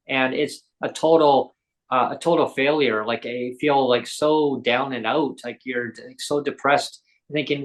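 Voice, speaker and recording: A man in the host's seat of a podcast, speaking at a middle pitch for a man. He talks casually and earnestly and gets animated as he tells his stories. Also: a little slow, rough recording. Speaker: podcast host.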